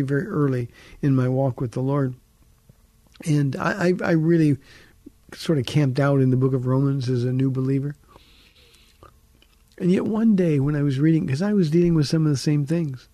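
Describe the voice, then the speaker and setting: A pastor hosting a radio Bible show, his voice gravelly and a little husky, with a dark, mellow tone. He teaches earnestly, leaning on key phrases and repeating them for emphasis, answering listener questions from a studio. The sound is close and dry, with no room around it. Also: on the high side, no room sound.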